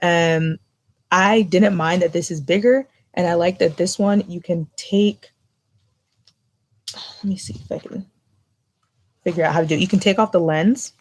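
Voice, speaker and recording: Young woman vlogger, casual live chat, low-ish pitch, chatty and full of fillers. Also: measured pace, long pauses. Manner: chatty, filler-heavy with lots of "like".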